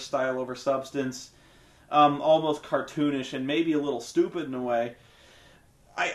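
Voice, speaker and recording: A man giving a casual, rambling spoken film review with many fillers, restarts and blunt swearing. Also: a little high. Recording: echoey room.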